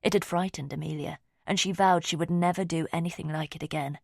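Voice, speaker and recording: Female audiobook narrator; low and measured, dry. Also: steady tone, creaky, no room sound.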